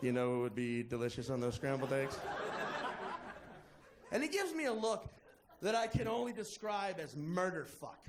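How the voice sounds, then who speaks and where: A man doing stand-up, telling a profane story in a playful, animated way to a live audience. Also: fairly high pitch, normal speed, long pauses, very noisy. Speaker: stand-up comedian. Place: comedy stage before a live audience. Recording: live crowd laughter.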